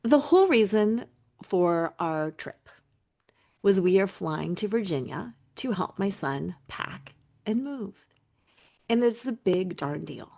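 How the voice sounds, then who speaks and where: A woman's voice: medium pitch, expressive, takes it slowly, gravelly, darkish tone. A middle-aged woman hosting a solo podcast as a recovery coach, talking in an earnest, emphatic way and repeating key phrases.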